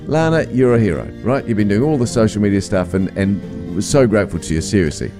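A man's voice: lowish voice, fast talker, over music. A man hosting a radio show in casual chat, teasing his co-host and laughing often.

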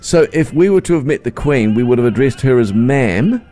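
A man's voice: medium pitch, lively intonation, a little fast, mellow, soft background music. A man co-hosting a radio show, playfully teasing and often laughing. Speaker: radio co-host. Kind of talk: casual on-air banter.

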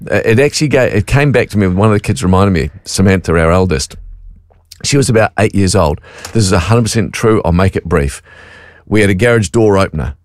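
A middle-aged man chats on breakfast radio. His lowish voice leaps up and down as he acts out voices and laughs at his own tale. The studio sound is dry and close. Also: brisk, no echo. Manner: animated storyteller, acts out voices, laughs often. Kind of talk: casual radio chat, storytelling.

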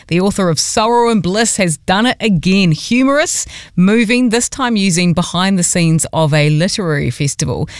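A radio host talks in a bouncy, chatty way, with lively lifts in pitch. The voice sits at a middling pitch. It is recorded close and dry in a studio. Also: moderate pace, smooth, no echo. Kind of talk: upbeat radio patter. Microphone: studio microphone.

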